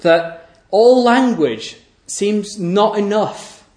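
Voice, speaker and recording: A man's voice: high-pitched, drawn-out words, a little mellow, roomy sound. A man preaching a sermon, emphatic, building through long lists with rising force.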